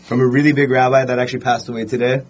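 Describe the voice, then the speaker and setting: A young man telling a story in a casual podcast chat, animated and full of fillers. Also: mid-range voice, rapid-fire, highs cut off.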